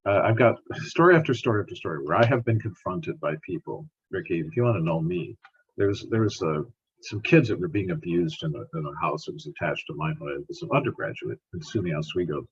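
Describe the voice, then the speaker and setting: Husky-voiced man telling stories. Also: sits low, fairly quick, highs cut off. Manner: animated, repeats words while telling stories. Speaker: podcast guest, scientist. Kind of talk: storytelling in conversation.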